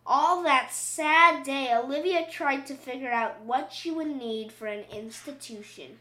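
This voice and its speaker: A woman reading a picture book aloud, expressive and playful. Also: a little high, a little slow, few pauses. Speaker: storybook reader. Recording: roomy echo.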